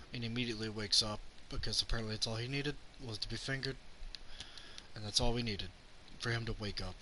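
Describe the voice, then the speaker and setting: With a mid-range voice and sharp tone, a young channel host sarcastically tears into a film, retelling scenes, mocking lines, and swearing a lot in a rambling rant. A little hiss or hum sits under the recording.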